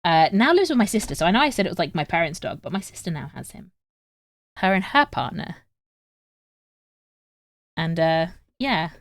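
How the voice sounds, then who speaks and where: Low-voiced English woman chatting while sewing. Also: sing-song, moderate pace, pauses often, no echo, studio quality. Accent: northern English. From England. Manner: chatty, reads chat aloud and talks to viewers while sewing. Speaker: streamer. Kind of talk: casual sewing livestream chat.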